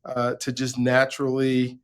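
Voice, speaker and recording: An enthusiastic man hosts an interview and asks long, winding questions full of fillers and restarts. His voice sits at an ordinary middle pitch. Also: completely flat delivery, unhurried, smooth. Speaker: podcast host. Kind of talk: conversational interview.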